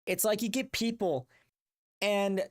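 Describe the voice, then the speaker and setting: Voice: medium pitch, a little slow. A young adult streamer ranting casually, profane, exasperated and rambling. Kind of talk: casual livestream rant.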